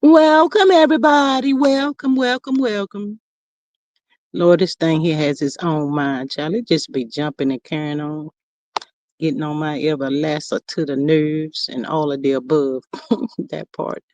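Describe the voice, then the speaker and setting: A woman hosting a casual live stream, chatting with viewers and reading their comments aloud in a lively, drawn-out way. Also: no room sound. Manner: chatty, lively, drawn-out greetings, sudden high exclamations.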